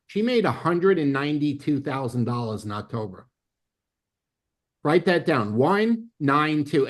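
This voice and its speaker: A man leading a network marketing training, speaking emphatically and often checking in with "okay?". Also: mid-range voice. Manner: emphatic, peppers lines with "okay?"; excitable, bursts of laughter. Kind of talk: motivational training talk.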